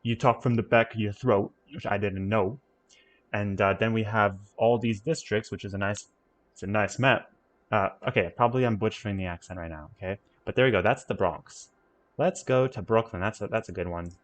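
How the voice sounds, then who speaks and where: A man's voice: lowish voice, brisk. A man hosting a game stream in casual chat, playfully trying out accents.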